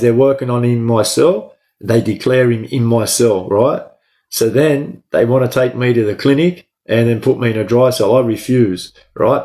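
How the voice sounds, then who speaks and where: A man's voice: mid-range voice, darkish tone. Blunt Australian man telling a story. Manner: blunt, heavy swearing, keeps checking with "right?". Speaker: guest recounting his time in prison. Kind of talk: conversational storytelling interview.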